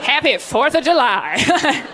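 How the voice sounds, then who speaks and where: A woman delivering stand-up on a stage into a handheld mic, her voice sitting a little high. She talks in punchy, sardonic bursts and slips into the voices of the people she quotes. A faint hum of room ambience sits under her. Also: sharp tone. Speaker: stand-up comedian. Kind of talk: stand-up comedy set. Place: comedy stage before a live audience.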